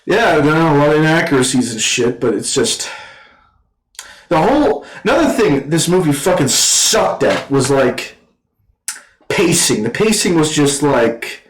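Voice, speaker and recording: A man giving a casual, rambling film review, swearing constantly and filling every pause with "like" and "uh.". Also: a little high, big pitch swings, reverberant, rough recording. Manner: profane, rambling, full of fillers. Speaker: movie reviewer.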